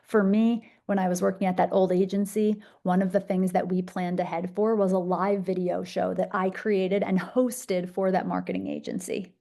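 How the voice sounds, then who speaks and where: A woman's voice: on the low side, little pitch movement, normal speed, gravelly, few pauses, warm tone. Bubbly young woman giving a talk. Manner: bubbly, enthusiastic, conversational. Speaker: social media speaker. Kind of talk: energetic masterclass presentation.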